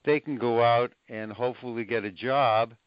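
A man, a guest being interviewed, explaining in a measured way with occasional fillers. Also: medium pitch, fairly even intonation, smooth, dry recording. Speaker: guest, nonprofit project manager. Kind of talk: interview answers. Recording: muffled lo-fi recording.

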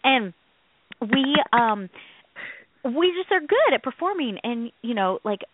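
A chatty woman rambles and giggles through a casual radio talk show. Her voice sits a bit high, and the sound is thin and phone-like, with no room echo. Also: very animated, slow pace. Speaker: co-host.

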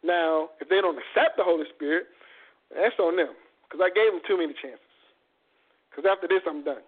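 A man's voice: fairly high pitch, moderate pace, husky, voice pushed down. A man voicing God as frustrated yet still loving, speaking with exasperation and resolve. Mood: exasperated, resolute. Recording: phone-like lo-fi audio.

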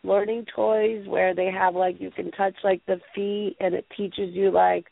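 A woman's voice: mid-range voice, little pitch movement, a little slow, vocal fry, dry recording. Chatty woman on a tinny phone line. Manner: rambling storyteller, many fillers. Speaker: show host. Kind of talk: casual call-in chat. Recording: tinny phone-line audio with faint noise.

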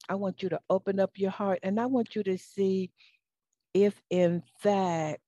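A woman host speaks on her own show, slowly and in a lowish voice, heartfelt and faith-filled as she talks straight to her listeners. She often stumbles and restarts her sentences. The sound is dry and close to the mic. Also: mellow, dry recording. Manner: frequent fillers and stammered restarts. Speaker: talk show host and life coach. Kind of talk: solo talk show monologue.

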